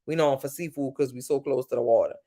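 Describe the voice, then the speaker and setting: A woman from Louisiana with a Southern accent, chatting casually with viewers on a livestream, swearing freely and jumping up and down in pitch. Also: fast, dark tone. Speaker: livestream host.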